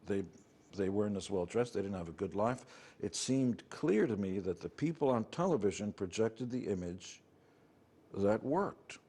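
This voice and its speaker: A man's voice: on the low side, expressive, moderate pace, mellow, husky. A middle-aged man with a New York accent, speaking as an interview guest and telling his story in a blunt, matter-of-fact way. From United States. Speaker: interview guest, rock musician. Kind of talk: candid conversational storytelling.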